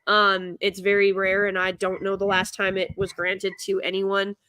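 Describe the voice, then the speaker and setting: A woman's voice: mid-range voice, completely flat delivery, moderate pace, bright, forceful tone, clean tone. A woman hosting a casual commentary chat, talkative and laughing often, with frequent restarts. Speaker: host.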